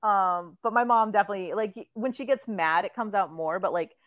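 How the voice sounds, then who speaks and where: A woman co-hosting a podcast in casual chat with friends, animated and laughing easily. Her voice sits at an ordinary middle pitch. The sound is close and dry, with no room around it. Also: dry recording. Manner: animated, laughs often, talks in quick bursts. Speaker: podcast co-host.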